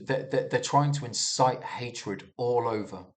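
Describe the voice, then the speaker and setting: A man's voice: mid-range voice, measured pace. A young man casually rambling through commentary on news headlines, swearing and restarting often. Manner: restarts a lot, swears, muses aloud. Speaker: vlogger reviewing news.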